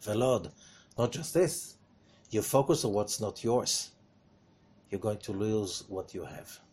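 A man giving a Torah lesson in an animated way, asking rhetorical questions and swinging between loud emphasis and hushed remarks. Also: lowish voice, moderate pace, slightly rough.

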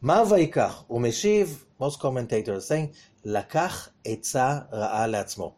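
This Torah lesson comes from a man who talks fast at a medium pitch. He's lively, raising rhetorical questions and alternating emphatic loud lines with hushed ones.

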